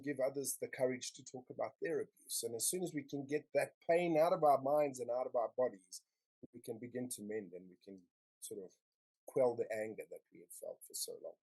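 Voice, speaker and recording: A man's voice: mid-range voice, a little mellow, breathy edge, poor audio. A middle-aged man candidly sharing his personal story on an online panel, emotional and earnest, often repeating phrases as he speaks over a video call.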